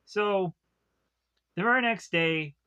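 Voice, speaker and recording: A man talks through a cartoon episode, rambling and loose, with filler words in nearly every sentence. His voice sits a little high and sounds bright and forward. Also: takes it slowly, smooth. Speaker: cartoon reviewer. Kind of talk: casual episode recap.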